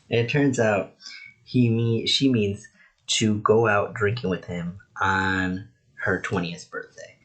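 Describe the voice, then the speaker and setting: A man's voice: fairly low pitch, steady tone, slow, a bit bright. A man casually reviewing anime episodes, rambling with lots of "like" and "you know".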